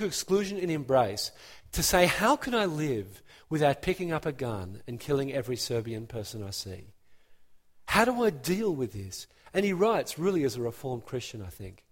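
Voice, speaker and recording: A man preaching a sermon, emphatic and animated, building his points with rising emphasis. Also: on the high side, big-room sound.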